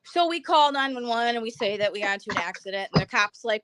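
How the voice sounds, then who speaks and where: A young woman co-hosting a live stream, telling blunt, animated stories in casual chat and acting out the people she quotes. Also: a little high, fairly quick, few pauses, a little hiss or hum. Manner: blunt, animated storyteller who acts out quotes.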